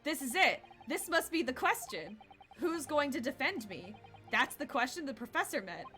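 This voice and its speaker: A woman voicing a nervous, flustered young male defendant in a game, speaking high and loud. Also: sing-song, moderate pace, faint music behind, heavily acted.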